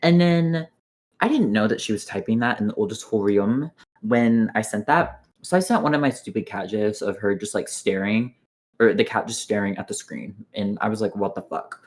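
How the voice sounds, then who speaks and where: A young man in an online voice chat, retelling game drama in a casual, animated way, full of quoted dialogue. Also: on the low side, moderate pace. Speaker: player in an online strategy game.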